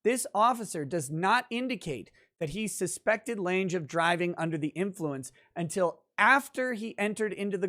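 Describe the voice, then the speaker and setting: A man's voice: high-pitched, fairly bright tone. A man who is a lawyer and legal commentator, giving conversational, emphatic commentary on a court ruling and thinking aloud as he reads it. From central Minnesota, United States.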